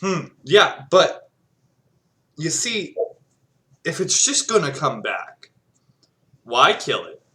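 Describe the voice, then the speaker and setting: A man's voice: a little high, big pitch swings, slow, long pauses, bright, forceful tone. A man talking as a player in a tabletop game, earnest and pleading. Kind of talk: casual tabletop play.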